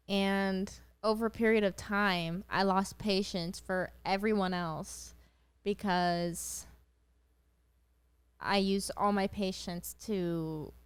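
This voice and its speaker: A woman's voice: mid-range voice, clear, resonant tone, no echo. A young woman co-hosting a podcast, laid-back and laughing often in casual chat. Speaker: podcast co-host.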